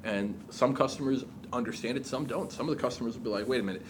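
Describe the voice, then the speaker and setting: A man in casual chat, telling stories in an animated way and swearing freely. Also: medium pitch, fast, a little hiss or hum.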